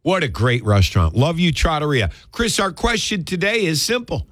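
A man's voice: a little high, very animated, normal speed, fairly bright tone, no echo, studio quality. A man hosting a radio talk show, doing folksy, emphatic live-read ads and chatting about football.

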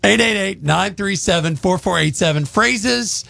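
A man co-hosting a radio show in casual, teasing banter, with a raspy voice. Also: high voice, normal speed. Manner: teasing, playful.

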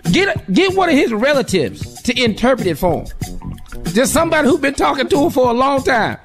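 A woman's voice: high voice, sing-song, brisk, over music. A woman co-hosting a radio advice show, joking and teasing with a laugh in her voice. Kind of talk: casual comedic advice chat.

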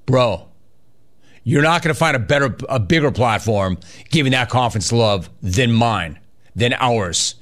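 A man hosts a casual sports talk radio show. He is energetic and chatty and talks in quick bursts. His pitch sits in the middle of the male range. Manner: energetic, fast bursts, reads listener chat aloud.

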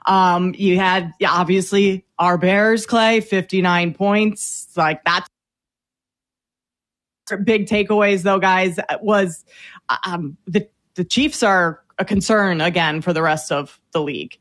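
A woman hosting a sports betting show, chatty with lots of fillers and quick bursts. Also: lowish voice, fairly even intonation, fairly bright tone. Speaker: host. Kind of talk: casual sports talk.

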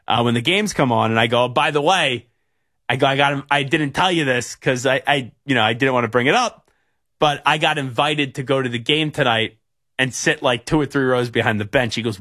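A man's voice: medium pitch, pushed and bright. A young man hosting sports radio, telling stories in a rambling way with many restarts. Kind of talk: casual sports radio talk.

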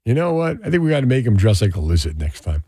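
A man hosting a radio call-in show, chatting in a lively, upbeat way with callers. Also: mid-range voice, quick pace, husky, no echo, studio quality. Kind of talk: talk radio call-in chat.

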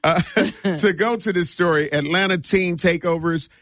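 A man hosting a radio show in a studio, chatting casually and joking with slang and a relaxed drawl. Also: sits high, a little slow, dry recording.

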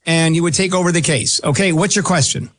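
A man with a slightly high voice hosts a call-in legal advice show. He is blunt and impatient, cutting in to press the caller for his question. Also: quick pace. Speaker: radio legal advice host.

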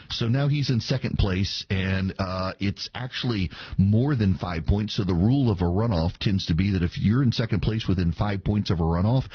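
A man's voice: on the low side, slightly rough, dull audio. A man giving casual political commentary, chatty with sarcastic asides and frequent fillers. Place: Tulsa, Oklahoma.

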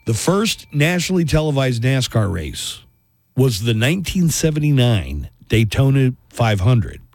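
A man's voice: medium pitch, big pitch swings, measured pace, a little mellow, no echo. A man hosting a morning radio show in casual, joking banter.

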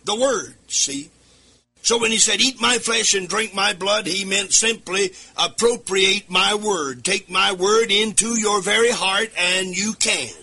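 A man preaching a sermon into a microphone at a desk, fervent and singsong, bursting into shouts. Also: sits high, measured pace, breathy edge. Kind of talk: radio sermon.

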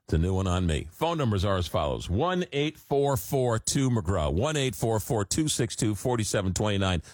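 A man hosting a call-in radio talk show, talking in an animated, exasperated way with frequent restarts. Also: fairly low pitch, normal speed, no room sound, studio quality.

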